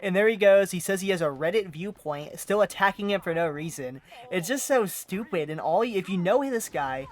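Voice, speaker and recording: High-voiced exasperated male commentator. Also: expressive, normal speed, few pauses. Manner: exasperated, mocking, says "bro" a lot. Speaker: commentary host. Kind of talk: reaction commentary.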